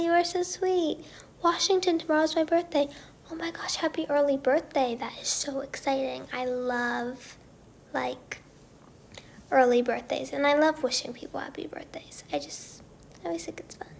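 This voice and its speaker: High-pitched woman, livestream host, casual and chatty, slips into soft whispers. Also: gravelly. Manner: bubbly and chatty, often dropping into soft whispers. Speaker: singer hosting a livestream. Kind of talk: casual livestream chat reading viewer comments.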